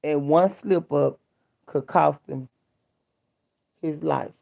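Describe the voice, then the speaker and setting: A middle-aged woman talks casually to her viewers, blunt and candid as she tells stories from home life in everyday speech. Her voice has a gravelly, fry-laden edge. The recording sounds dull and lo-fi. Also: deep voice, slow pace, a little mellow. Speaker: vlogger. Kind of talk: casual chat.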